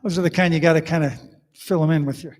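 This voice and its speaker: Older male host, high voice, folksy joke-teller, reverby room with banjo behind. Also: steady tone, fast, darkish tone, faint music behind. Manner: chatty, joke-telling with folksy asides. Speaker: musician and host of an online living room concert. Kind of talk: casual banter and jokes between songs. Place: his home living room.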